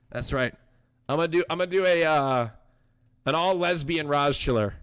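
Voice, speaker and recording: Bright-voiced young male streamer host. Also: a little high, normal speed, smooth. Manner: rambling, chatty, talks back to his chat. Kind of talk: casual live-stream chat.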